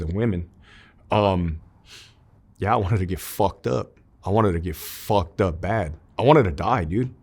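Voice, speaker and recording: A man with a lowish voice shares his story openly in an interview, loose and conversational. He throws in "dude" and "like" all the time and swears freely, and the emotion stays raw under a plain telling. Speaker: interview guest, army veteran.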